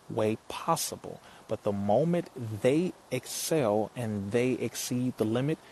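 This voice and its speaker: Forceful preacherly man with rhetorical questions. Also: fairly low pitch, slight background noise. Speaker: speaker addressing an audience. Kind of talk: impassioned motivational talk.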